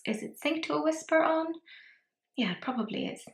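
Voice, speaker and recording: A woman's voice: high voice, brisk, gravelly, echoey room. A woman with an Irish accent, chatting her way through a makeup tutorial in a rambling, self-deprecating manner. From Ireland. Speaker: makeup vlogger.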